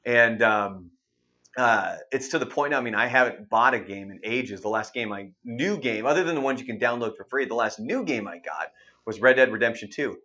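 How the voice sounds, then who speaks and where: A man's voice: mid-range voice, a little fast, dull audio. A man in his thirties hosting a radio show's online segment, chatting casually and animatedly, with frequent swearing. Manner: animated, swearing, acts out quotes. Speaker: radio show host. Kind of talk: casual storytelling chat.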